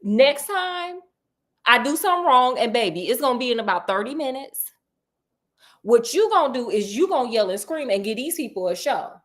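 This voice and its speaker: A woman's voice: a little high, expressive, normal speed, a bit bright. A woman voicing a spoiled, cruel boy prince who brags and calls people honey. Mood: bratty.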